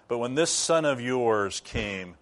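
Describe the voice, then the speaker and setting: A man's voice: medium pitch, animated, slow pace, a bit bright. Guy doing a bitter older son in a sermon retelling, contemptuous and indignant. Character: resentful older son, grown man, bitter.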